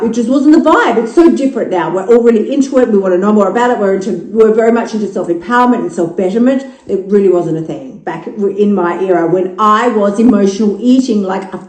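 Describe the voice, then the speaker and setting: A woman's voice: medium pitch, brisk, hardly any pauses, roomy sound, low-quality recording. An Australian woman in her fifties hosting her own podcast, talking frankly with plenty of swearing and jokes. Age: 50s. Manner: frank, profane, jokey, animated storytelling. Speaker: podcast host. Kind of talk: casual podcast monologue.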